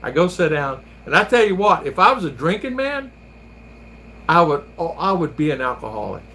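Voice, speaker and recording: Guy rambling thru funny stories on his vlog, laughs a lot, bright forceful voice. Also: fairly high pitch, very animated, normal speed, a little hiss or hum. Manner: rambling anecdotes, laughing often. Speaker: vlogger and host. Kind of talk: casual chat.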